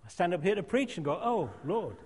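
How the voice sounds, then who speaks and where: A man with a high voice preaches a sermon, repeating his phrases for emphasis and now and then dropping to a soft hush. He speaks in a church, and his voice rings with a long reverb.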